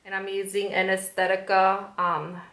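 A woman's voice: medium pitch, flat delivery, moderate pace, a bit bright, roomy sound. A woman with a Spanish accent talking through a makeup tutorial step by step as a beauty vlogger. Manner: chatty, step-by-step instructions.

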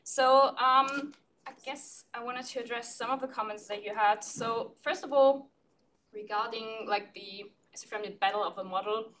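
A woman with a bright, forceful tone answers comments on her paper at a conference, speaking steadily but hesitantly, with many filler sounds. She sounds distant from the mic, and faint room noise sits underneath. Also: fairly high pitch. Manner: measured, hesitant, frequent "um"s. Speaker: paper author responding to discussant. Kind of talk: academic reply.

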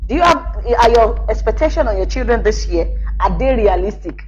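A woman's voice: on the high side, animated, fairly quick, dull audio, faint music behind. A woman giving a spoken parenting lesson as a coach, talking directly to parents in a scolding yet reassuring way and laughing often.

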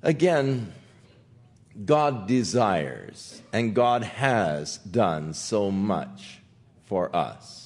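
A man's voice: on the low side, big pitch swings, drawn-out words. Older guy pastor teaching bible verse by verse, voice rises and falls a lot, easygoing chatty delivery. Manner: gentle conversational teaching, acting out quotes softly.

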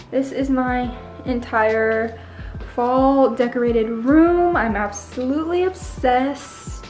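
A young woman giving a casual room tour vlog, bubbly and gushing, slightly out of breath. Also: a little high. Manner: bubbly, gushing, repeats "so cute". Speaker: vlogger.

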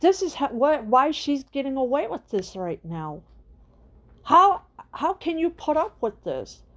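A woman's voice: high voice, sing-song, a little slow, fairly bright tone. A middle-aged woman hosting her own channel, delivering an indignant political rant and firing off repeated rhetorical questions. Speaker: channel host.

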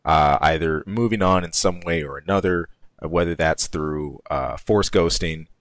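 A man co-hosting a podcast in a casual chat, measured and hesitant, repeating words as he thinks. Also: low voice, no room sound. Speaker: podcast co-host.

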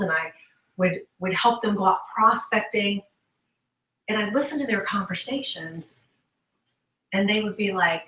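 A woman giving a motivational talk to a business group, telling stories and acting out the conversations she describes. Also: mid-range voice. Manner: animated storytelling, acts out quoted conversations. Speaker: guest speaker and sales trainer. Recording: echoey room, voice from a distance.

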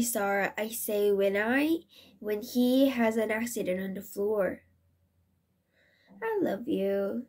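A young woman reading a children's picture book aloud, expressive and with small slips that she corrects as she goes. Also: medium pitch. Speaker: storybook reader.

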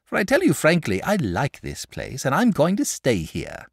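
Man doing nervous fussy dragon, high swooping storybook voice. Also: huge pitch swings, normal speed, creaky, slightly rough, no echo, clean studio sound, heavily acted. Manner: polite, anxious, prim. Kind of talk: audiobook character voice.

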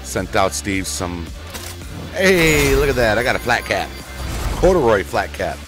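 Lively low-voiced man streaming a game. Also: measured pace, over music. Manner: excitable, chatty with viewers, sudden shouts. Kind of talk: casual live-stream chat. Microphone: desk microphone.

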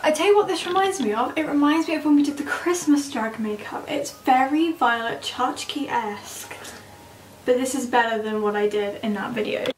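A young woman chatting excitably and giggling through a casual makeup vlog at home. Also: sits high, normal speed. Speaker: makeup vlogger. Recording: roomy, distant mic with background music.

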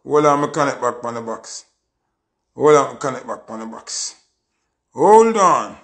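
A man's voice: mid-range voice, big pitch swings, unhurried, fairly bright tone. A man with a Jamaican accent reviewing songs on a casual livestream, boastful and emphatic, repeating his points. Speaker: music reviewer. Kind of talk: livestream music review chat.

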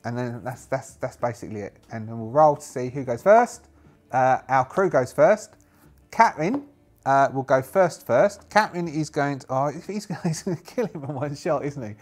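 A man's voice: mid-range voice, lively intonation, moderate pace. A man narrating a solo tabletop game, thinking aloud and rambling with many fillers.

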